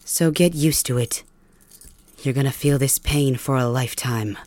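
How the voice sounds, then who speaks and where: A woman voicing a cold, cruel young male king, calm and mocking, in an ASMR audio role-play. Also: rumbling low, moderate pace, no echo. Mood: coldly cruel.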